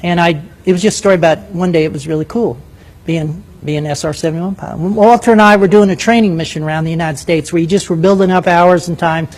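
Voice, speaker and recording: An older man telling a flying story to a live audience, animated and vivid, with quick asides. His voice sits high for a man. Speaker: former military pilot and speaker.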